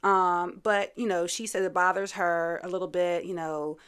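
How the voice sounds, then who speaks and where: Hosting a laid-back reality TV recap, this woman speaks in a lowish, steady voice that's a bit bright and clean, at normal speed. She's opinionated and talkative, sprinkling in asides and frequent "you know" fillers.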